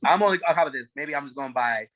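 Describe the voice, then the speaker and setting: A man's voice: a little high, fast, a crowd in the background, rough recording. A man co-hosting a casual TV show chat, rambling and hesitant, full of fillers and restarts. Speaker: podcast co-host.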